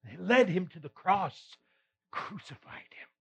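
Speaking slowly in a high, fairly bright voice, a man uses an expressive, full character voice as the apostle Peter. The remorseful, self-reproaching adult earnestly retells his failings in first person, with sighs and rueful laughter along the way, on a slightly muffled recording.

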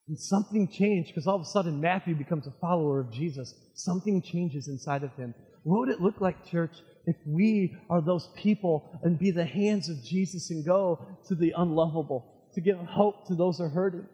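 A male pastor delivering an animated sermon, throwing call-and-response questions to his congregation. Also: fairly high pitch, normal speed, hardly any pauses, long reverb tail, highs cut off. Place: church sanctuary with congregation.

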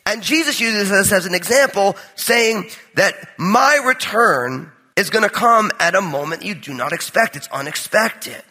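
A high, bright male pastor from New with a husky edge, preaching in a conversational, joking storyteller's manner. His voice rings out with a long reverb in a large church hall. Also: lively intonation, a little slow, few pauses. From New Jersey. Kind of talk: sermon with personal storytelling.

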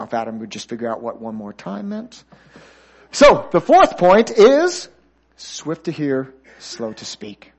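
Animated pastor preaching a lively sermon. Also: male voice. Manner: animated, calls for congregation responses; drops to a soft low voice at key points. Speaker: guest pastor.

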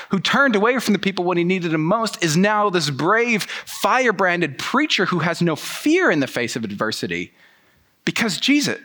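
A man telling a sermon story in the first person, animated and using casual slang. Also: high voice. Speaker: pastor.

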